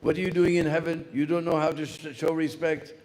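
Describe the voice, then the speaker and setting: A man's voice: on the high side, flat delivery, a little fast, darkish tone, long reverb tail, voice pushed up, lightly acted. A man voicing an angry old sage who scolds and curses in an imperious way.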